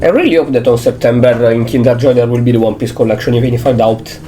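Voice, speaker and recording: A man's voice: medium pitch, fast, dark tone, a little hiss or hum. Young male streamer, blunt and playful. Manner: playful, blunt, swears freely. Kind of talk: casual game let's-play commentary.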